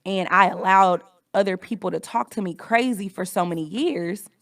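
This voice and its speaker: A woman's voice: medium pitch, moderate pace, a bit bright, no echo. A woman in her thirties hosting a podcast, telling a personal story in a candid, reflective way with frequent swearing. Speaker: podcast host.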